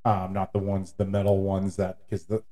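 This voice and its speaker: A man co-hosting a casual podcast, talking in an easygoing, rambling way. His voice sits a little low with a mellow, dark tone. He pauses on fillers while he explains things at length. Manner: relaxed, rambling, many fillers. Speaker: podcast co-host. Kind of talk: casual chat.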